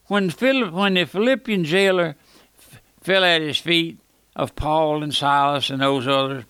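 A man's voice: a little high, a little slow, sharp tone, smooth, dry recording. A man preaching an emphatic, fiery radio sermon with folksy asides.

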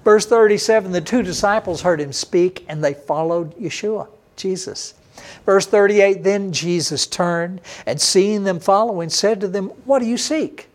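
A middle-aged male pastor delivers a sermon in a slightly high voice. He preaches emphatically, with loud, lifted bursts that fall back to low, quiet stretches. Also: unhurried. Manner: emphatic preaching with sudden rises and drops in pitch and loudness.

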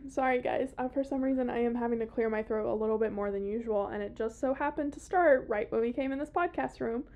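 A young woman with a high voice hosts a podcast from a podcast room. She chats loosely, with plenty of fillers and the odd swear word, keeping things casual. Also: fairly quick, few pauses, darkish tone, lo-fi sound. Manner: chatty, swears, many fillers. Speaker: podcast host. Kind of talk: casual chat.

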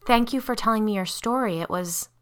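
A woman's voice: mid-range voice, brisk, smooth, pitched above the performer's own voice, close to an everyday voice. A woman reading a horror story aloud, voicing a young mother who speaks in a hesitant, stammering, apologetic way. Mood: flustered. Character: flustered, apologetic young mother, paranormal investigator.

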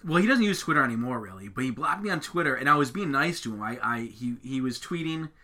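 Bright-voiced joking podcast man. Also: mid-range voice, expressive, fast talker. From Buffalo, New York. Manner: joking, laughs often. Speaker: podcast co-host. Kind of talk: casual chat.

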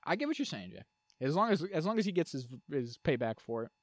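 Brief: quick, animated male podcast co-host, dry close mic. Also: a little high, no echo. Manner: animated, jokey, trails off into muttering. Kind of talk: casual chat.

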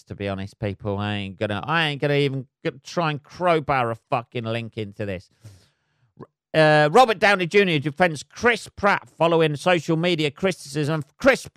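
A man's voice: mid-range voice, a bit bright, clear, resonant tone, dry recording, clean studio sound. Rambling, sweary man. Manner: swears constantly, loose and rambling. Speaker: podcast host and comedian. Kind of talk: rambling solo podcast chat.

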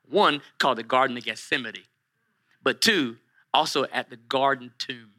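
A male pastor preaching a sermon in an animated way, repeating lines for emphasis. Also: medium pitch, measured pace.

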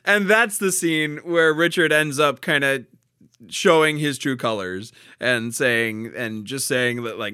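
A man's voice: mid-range voice, measured pace, sharp tone, clean tone, no room sound, studio quality. A man in casual conversation about a play, laughing often and restarting his sentences. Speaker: podcast co-host discussing a play. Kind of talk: casual chat.

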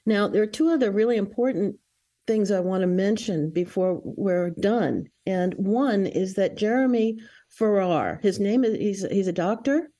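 A woman's voice: medium pitch, unhurried, mellow. A woman answering interview questions in an earnest, warning way, with frequent fillers and restarts. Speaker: guest.

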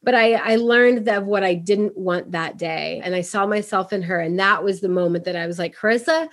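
A middle-aged woman from Puerto Rico, a podcast guest, telling her story in a lively, casual way and acting out the voices she quotes. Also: fairly low pitch, moderate pace. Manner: animated, acts out quoted voices.

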